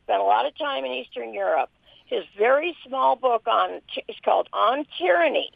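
A woman's voice: on the high side, animated, moderate pace, creaky, dry recording. Impassioned older woman calling in. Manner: emotional, impassioned, pleading. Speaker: caller. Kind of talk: call-in radio talk. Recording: phone line, lo-fi.

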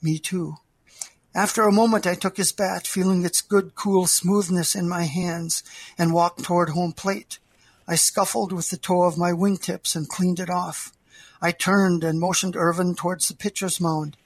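An older man, an author, reading his memoir aloud in a measured, heartfelt way. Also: sits high, little pitch movement, slightly rough, no echo.

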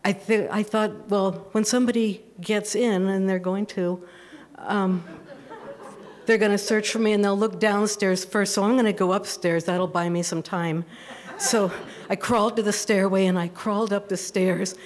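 A woman telling a true personal story at a live storytelling event, animated and often laughing as she talks. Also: mid-range voice, normal speed.

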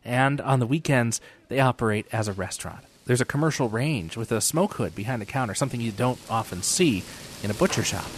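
A man reading scripted documentary narration in a clear, measured delivery. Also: mid-range voice, lively intonation, slight background noise.

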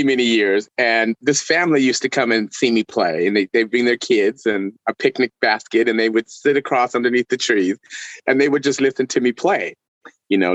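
A middle-aged man from Texas, a violinist guest, telling stories in a casual interview with laughs and animated delivery. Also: mid-range voice, no echo, highs cut off. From El Paso, Texas.

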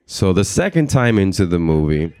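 Deep-voiced man telling a stand-up story. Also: normal speed, smooth, dry recording. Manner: animated, acts out voices and reactions. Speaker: stand-up comedian.

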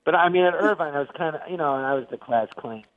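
An older man, a comedian being interviewed, telling stories in an animated way and acting out the voices he quotes. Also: fairly high pitch, quick pace, no room sound. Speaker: guest comedian. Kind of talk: interview storytelling. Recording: tinny phone-like line, dry.

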